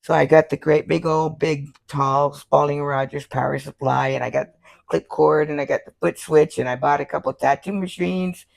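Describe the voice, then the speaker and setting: An older woman from Florida, a tattoo artist telling lively stories in an interview, laughing often and acting out the people she quotes. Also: low voice, moderate pace, creaky. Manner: animated, laughs often, acts out quoted voices. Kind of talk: casual storytelling interview.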